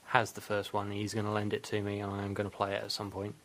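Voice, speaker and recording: A man's voice: lowish voice, completely flat delivery, quick pace, fairly bright tone. A man hosting a gaming podcast in casual, rambling chat, laughing often at himself. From Britain. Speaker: podcast host.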